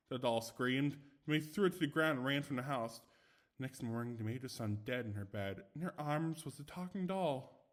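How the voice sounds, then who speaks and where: Young guy reading spooky stories, mid-pitch voice, trips on words, chats between lines, no real mic. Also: normal speed. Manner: chatty, self-commenting, stumbles and restarts. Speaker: story reader. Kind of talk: casual reading of ghost stories. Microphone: no dedicated microphone.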